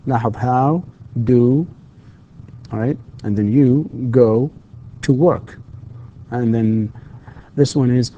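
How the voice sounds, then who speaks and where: Lecturer with a mellow, voice. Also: male voice, mid-range voice, slow pace, pauses often, muffled recording, a little hiss or hum. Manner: explains in Arabic, reads example questions aloud in English. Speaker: university English lecturer. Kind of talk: recorded distance-learning lecture.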